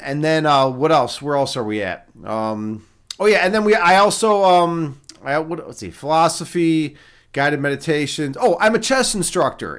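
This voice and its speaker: Young male streamer, slightly high voice, casual and profane, lots of restarts. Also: a bit bright. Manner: rambling, profane, with many restarts. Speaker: streamer and chess instructor. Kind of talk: casual live-stream chat.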